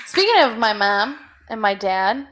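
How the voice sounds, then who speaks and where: Casting note: slightly high-voiced woman, chatty storyteller, casual podcast co-host. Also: very animated, measured pace, fairly bright tone. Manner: chatty storytelling, laughs often. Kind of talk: casual chat.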